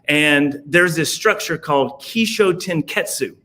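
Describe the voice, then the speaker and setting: A man with a Southern US accent and a slightly high, bright, forceful voice talks a little slowly as a podcast guest. His casual conversation rambles, full of fillers and restarts.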